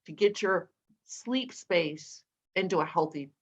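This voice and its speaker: A woman guest on a video call, telling animated, persuasive stories as an entrepreneur. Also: lowish voice, a little slow, breathy edge, dull audio. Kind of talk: interview storytelling.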